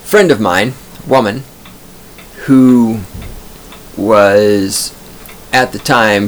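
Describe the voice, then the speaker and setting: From a studio booth, a man hosting a podcast tells stories in a rambling comic monologue that is profane, wandering, and self-amused. His voice is fairly low, and a slight hiss or hum can be heard.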